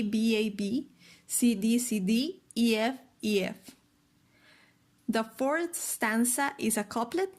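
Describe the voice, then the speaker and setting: A woman giving a poetry lesson in a careful, methodical way, spelling out rhyme schemes. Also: on the high side.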